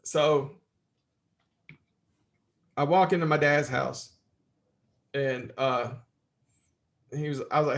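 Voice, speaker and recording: A man's voice: a little high, steady tone, normal speed, pauses often. A man guesting on a podcast, chatting casually in a loose, rambling way and cussing freely. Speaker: guest, interview podcast host. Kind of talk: casual storytelling chat.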